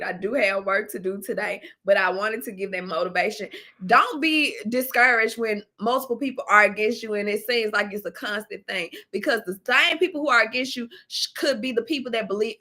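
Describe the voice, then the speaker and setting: A woman's voice: medium pitch, fairly quick, sharp tone. A woman hosting a casual livestream, talking straight to her viewers, laughing often and playful. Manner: uses y'all and baby, talks to viewers directly. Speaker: livestream host.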